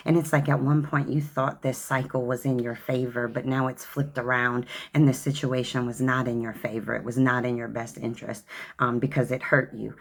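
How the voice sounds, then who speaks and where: A woman with a remarkably low, gravelly voice reads tarot cards for her viewers. She talks in a sassy, chatty way and calls the listener honey and child. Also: a little mellow. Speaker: tarot reader. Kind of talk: tarot card reading to camera.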